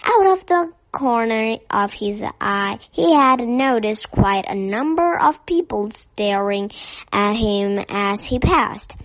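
A woman narrating a children's story with a gentle, careful reading. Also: fairly high pitch, lively intonation, takes it slowly, no echo. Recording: dull dry lo-fi recording.

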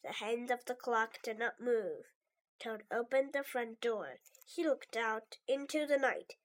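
A woman hosting a children's English story show, reading a storybook aloud in a cheerful, clear way. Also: a little high, measured pace.

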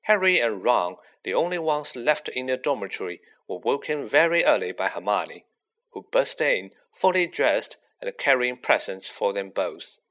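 A man reading a storybook aloud as narrator, with an expressive, varied delivery. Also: medium pitch, normal speed. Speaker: audiobook reader.

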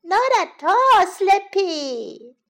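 A woman voicing a small, excitable young boy bunny who refuses to go to sleep, speaking high, loud and pleading. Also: extremely slow, heavily acted. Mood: insistent.

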